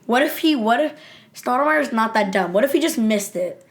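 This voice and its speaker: A young woman chats as a podcast co-host. She thinks out loud, poses questions as she goes, and lets her sentences trail off unfinished. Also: a little high, lively intonation, moderate pace. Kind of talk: casual chat.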